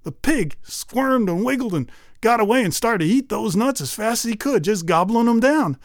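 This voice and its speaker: A man spins a folk tale in a folksy, animated voice, fairly high for a man and full of rising and falling pitch. The recording is dry, with no room sound. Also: moderate pace, no room sound. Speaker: storyteller.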